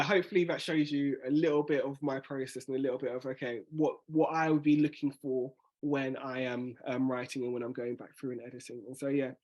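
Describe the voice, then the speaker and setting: A man, a spoken word poet, casually teaching a workshop and thinking aloud as he reads out and reworks his own lines. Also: medium pitch.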